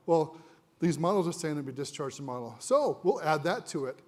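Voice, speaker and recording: A man with a fairly high voice gives a live conference presentation in a chatty, joking way. He puts questions to the room as he goes and sounds a little winded. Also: expressive, fairly quick, a little mellow. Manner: conversational, jokey, asks the audience questions.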